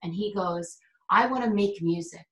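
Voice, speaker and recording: A woman's voice: fairly low pitch, moderate pace. A woman, a guest on an interview show, telling a story casually and acting out the quotes, with many fillers and restarts. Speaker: guest, psychic medium and teacher. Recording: roomy echo.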